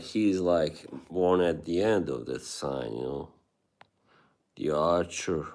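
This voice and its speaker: Slow, deep-voiced man chatting casually. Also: creaky, a little mellow. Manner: easygoing, laughs often between remarks. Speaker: livestream host reading chat. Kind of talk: casual livestream chat.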